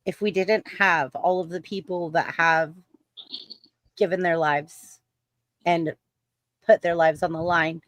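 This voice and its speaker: A woman's voice: on the low side, steady tone, slow pace, pauses often, dry recording. A woman panelist chatting enthusiastically in a casual group conversation, often repeating herself.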